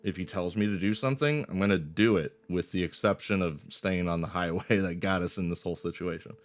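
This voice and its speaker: A man's voice: low voice, a little fast. A man in his twenties casually telling a personal story, swearing often and rambling with fillers. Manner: swears a lot, loose rambling delivery with fillers.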